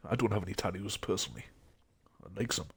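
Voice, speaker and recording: A man's voice: low voice, fast talker, creaky, a little hiss or hum. A young man who is unwell, rambling to himself in casual gaming stream commentary. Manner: rambling, mumbling asides to himself. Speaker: game streamer.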